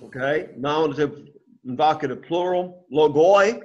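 A man's voice: on the high side, expressive, normal speed. A man teaching a Greek lesson, patiently leading the class to repeat words after him. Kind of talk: classroom lesson with call-and-response drills. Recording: dull lo-fi classroom recording.

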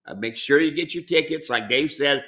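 Folksy bright-voiced mule rancher. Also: male voice, a little high, moderate pace. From United States. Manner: folksy, repeats words, addresses "folks". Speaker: mule ranch owner and trainer. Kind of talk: casual live-stream Q&A.

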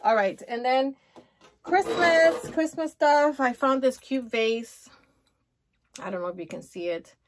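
A woman chatting excitedly and gushing as she shows off a shopping haul in a casual vlog. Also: sits high, unhurried. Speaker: haul vlogger.

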